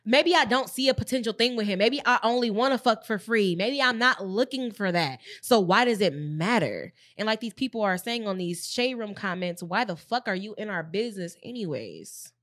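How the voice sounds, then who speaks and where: A woman's voice: fairly high pitch, moderate pace, hardly any pauses, fairly bright tone. A woman co-hosting a casual chat, frank and profane, agreeing and laughing along.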